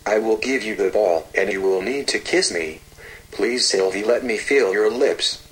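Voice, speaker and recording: A man's voice: on the low side, normal speed, natural voice, low-quality recording. A man voicing a lovesick green frog in a storybook tale, begging and pleading.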